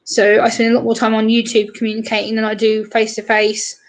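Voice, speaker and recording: A woman's voice: fairly high pitch, monotone, rough recording. A British woman chatting casually on a livestream, acting out short exchanges with her viewers. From Britain. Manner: chatty, acts out what others said in quick bright voices. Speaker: livestream host.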